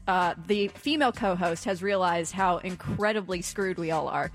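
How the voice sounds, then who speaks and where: A woman's voice: on the low side, moderate pace, soft background music. A woman co-hosting a radio talk show, telling stories in a dry, matter-of-fact way. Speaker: radio co-host. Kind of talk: casual radio banter. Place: radio studio.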